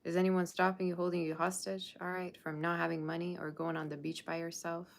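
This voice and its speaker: A woman's voice: on the low side, flat delivery, brisk, vocal fry. A woman tarot reader talking casually to her viewers, blunt and sassy, scolding them about their standards. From Persian Russian background. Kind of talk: casual tarot reading monologue.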